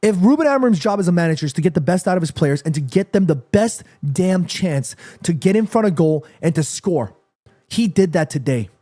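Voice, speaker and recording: A man streaming a live football watchalong, reading chat aloud and ranting with passion, swearing freely and swinging between calm and heated outbursts. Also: high-pitched, a little fast. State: sweaty after the match.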